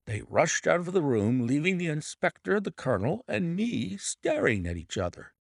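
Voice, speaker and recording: A man narrating a detective mystery audiobook with dramatic, expressive storytelling. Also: on the high side, moderate pace, vocal fry, no echo, clean studio sound. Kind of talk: scripted narration.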